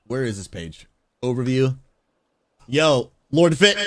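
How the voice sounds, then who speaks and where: A man talking casually to his live stream chat as a game streamer, animated and chummy. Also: medium pitch, a little fast, no echo, clean studio sound. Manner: animated, talks straight to chat, says "dude" and "bro".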